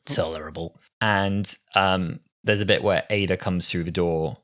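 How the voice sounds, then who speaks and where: Low-voiced young man giving wry opinions. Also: fairly even intonation, measured pace, a bit bright. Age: 20s. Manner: opinionated, wry, mimics lines from shows. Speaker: podcast co-host. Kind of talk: casual podcast chat.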